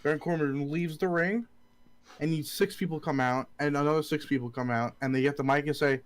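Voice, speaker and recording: A young man telling a silly made-up story in a deadpan way during a casual chat. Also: a little high, brisk.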